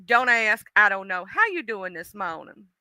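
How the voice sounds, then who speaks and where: A woman's voice: mid-range voice, very animated, moderate pace, sharp tone, no echo. A woman hosting a livestream, chatting casually and gossiping with viewers, greeting commenters by name with slangy asides. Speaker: livestream host.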